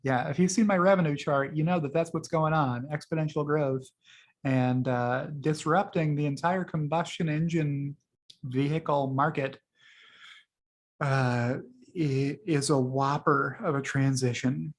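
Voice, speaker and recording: Chatty man with a higher voice. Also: fairly even intonation, unhurried. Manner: chatty and rambling, with frequent fillers. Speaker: host reviewing liked tweets. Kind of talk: casual screen-share commentary.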